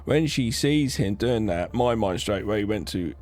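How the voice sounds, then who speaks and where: A man's voice: lowish voice, lively intonation, normal speed, a little mellow. A man co-hosting a podcast, rambling frankly about films and his own life, laughing often. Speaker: podcast co-host. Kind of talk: casual film chat.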